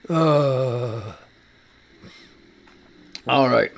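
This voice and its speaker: A man's voice: high-pitched, unhurried, pauses often. A man hosting a live talk show, rambling casually and reading news headlines with his own blunt commentary. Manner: animated, swears freely, chats to his cat. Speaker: radio show host.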